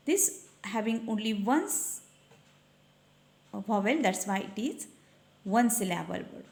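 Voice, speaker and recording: A woman teacher, slowly explaining a textbook page and spelling out letters. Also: mid-range voice, animated, gravelly, a little mellow. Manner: slow, patient, spells out letters. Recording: echoey room.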